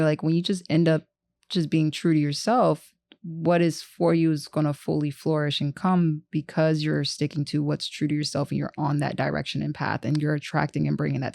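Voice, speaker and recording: A woman co-hosting a casual podcast chat, her voice sitting on the lower side. She talks in animated bursts, full of restarts and laughing asides, recorded close and dry. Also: vocal fry, no room sound. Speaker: podcast co-host.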